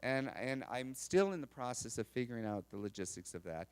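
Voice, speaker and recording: Guy on stage telling stories, chatty and animated, middle pitch, laughs a lot. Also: fairly quick, clear, resonant tone. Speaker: speaker telling stories at an expo. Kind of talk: storytelling talk to a live audience.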